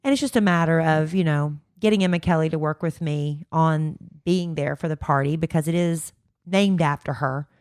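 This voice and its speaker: A woman's voice: sits low, moderate pace, a little mellow, dry recording, studio quality. A middle-aged woman co-hosting a podcast in casual chat, venting frankly while fighting a cold with a stuffed-up nose. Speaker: podcast co-host.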